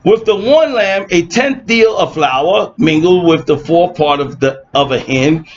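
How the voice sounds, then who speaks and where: A man's voice: a little high, lively intonation, measured pace. A man giving informal online Bible teaching, reading verses aloud and breaking off into sarcastic, mocking asides. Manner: reads verses aloud, then mocks opponents with sarcastic asides. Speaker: scripture teacher. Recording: dull lo-fi recording.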